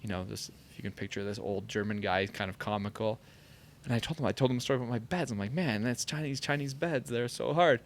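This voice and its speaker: A man's voice: mid-range voice, fast talker, creaky, a little hiss or hum. A man in a podcast studio, a former pro soccer player telling stories in a casual chat, full of "like". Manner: animated storyteller, heavy use of "like".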